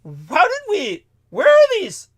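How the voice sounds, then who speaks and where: High, lively-voiced man ranting. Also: takes it slowly. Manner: profane, exasperated, swings between mutters and outbursts. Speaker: show host. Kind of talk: ranting storytelling monologue.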